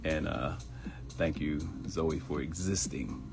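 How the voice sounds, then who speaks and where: A middle-aged man from Baltimore hosting a live stream, animated and chatty, greeting viewers by name and joking. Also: very deep voice, slow, gravelly, loud music behind the voice. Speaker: live show host. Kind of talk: live-stream casual chat.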